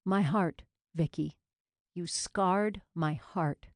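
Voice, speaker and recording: A woman's voice: fairly low pitch, slow, darkish tone, dry recording, studio quality. Woman doing a playful, theatrical young man. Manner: mock-dramatic, playful.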